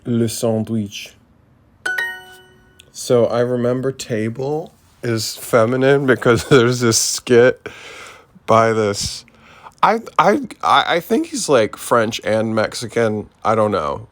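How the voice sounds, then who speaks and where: A man's voice: medium pitch, very animated, takes it slowly. A young man chatting casually and rambling with many hesitations, poking fun at himself while he practises a language lesson. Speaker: language learner vlogger. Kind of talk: casual chat while doing language drills.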